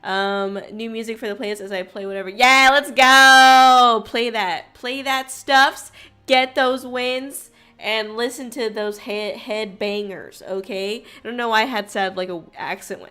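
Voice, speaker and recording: A young woman hosting a casual livestream, bubbly and chaotic, greeting her chat loudly and laughing often. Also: mid-range voice, steady tone, normal speed, clear, resonant tone. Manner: frequent laughter. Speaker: streamer host.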